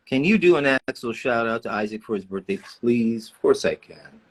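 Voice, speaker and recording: A man at a live fan autograph session, reading questions aloud in a playful, animated way. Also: mid-range voice, moderate pace.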